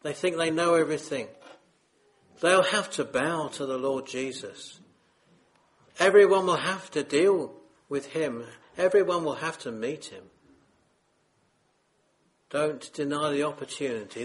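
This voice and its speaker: Slow, solemn male preacher. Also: a little high. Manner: earnest, solemn, pleading with listeners. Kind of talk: sermon.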